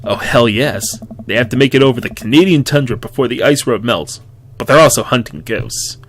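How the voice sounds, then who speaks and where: A man's voice: mid-range voice, a little fast, close to an everyday voice. Teasing teen daughter, read by a man. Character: teenage daughter, teasing and upbeat. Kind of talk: voicing game dialogue while playing.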